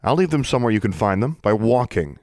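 A man voicing a blunt, quick-tempered teenage witch girl. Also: lowish voice, animated, darkish tone, no room sound, studio quality, pitched above the performer's own voice, close to an everyday voice. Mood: defiant. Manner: blunt, defiant.

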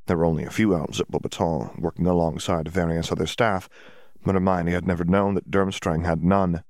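A male audiobook reader narrates a fantasy story in a steady, even storytelling manner. His voice is deep and sits close to the mic, with a dry, unechoing sound. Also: a little fast, no echo. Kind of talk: scripted narration.

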